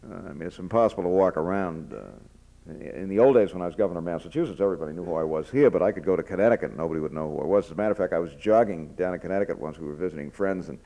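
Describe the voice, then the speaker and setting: Older guy giving a talk, low gravelly voice, folksy, lots of uh and restarts. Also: very fast, dark tone. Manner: folksy storytelling with frequent fillers and restarts. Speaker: speaker addressing students. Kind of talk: informal speech with anecdotes. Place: speaking from a platform to an audience.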